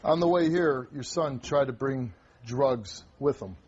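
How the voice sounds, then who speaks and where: A man's voice: mid-range voice, a little slow, muffled recording, very noisy. A man hosting a confrontational talk show on a TV studio stage, scolding and commanding a teenage guest.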